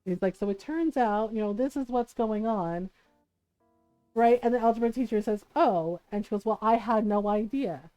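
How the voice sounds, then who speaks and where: A woman's voice: on the high side, normal speed, mellow, soft background music. A woman streamer telling a long personal story in a casual way, laughing often and acting out the people she quotes. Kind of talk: casual storytelling while gaming.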